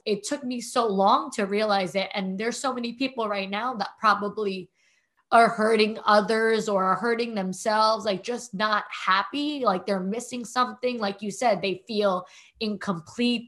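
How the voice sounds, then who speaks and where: A woman in a middle pitch talks emotionally to her longtime teacher. She rambles and repeats herself, filling gaps with many fillers. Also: fairly bright tone. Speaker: longtime student. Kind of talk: heartfelt conversation.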